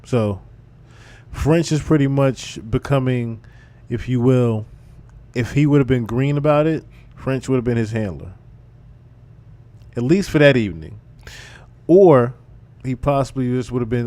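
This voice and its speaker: A man's voice: medium pitch, unhurried, pauses often, dark tone. A man hosting a live stream, commenting casually on a clip in a loose, emphatic way that repeats phrases.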